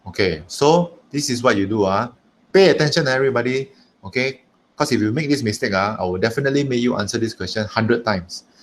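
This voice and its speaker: A man's voice: mid-range voice, animated, fairly quick, slight background noise. A man with a Malaysian English accent teaching an online maths lesson, chatty and emphatic, repeating himself and talking while he writes.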